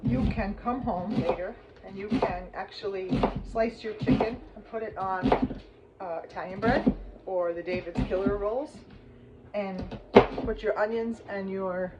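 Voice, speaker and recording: A woman casually chatting through a slow cooker recipe in her home kitchen, rambling with lots of fillers and asides. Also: medium pitch, very noisy. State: teary from cutting onions. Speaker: home cooking vlogger. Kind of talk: casual cooking demonstration.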